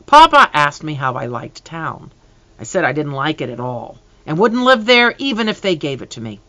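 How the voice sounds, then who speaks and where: An audiobook narrator reads a storybook aloud, unhurried and expressive, with lively swings in tone. The voice is bright and crisp, set close in a dry, dead space with no room sound. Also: mid-range voice, no room sound, highs cut off.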